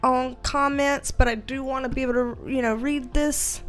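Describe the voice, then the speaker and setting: A young woman hosting a casual livestream, reading viewer comments aloud, giggling often, swearing freely and greeting people with excited bursts. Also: high-pitched, moderate pace, soft background music. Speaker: livestream host, tarot reader.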